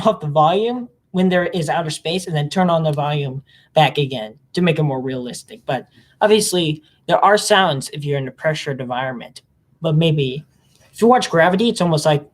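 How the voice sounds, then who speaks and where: A vlogger talking in a casual, rambling monologue, hopping between topics, the voice jumping up in pitch when excited. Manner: mimics other people in silly voices.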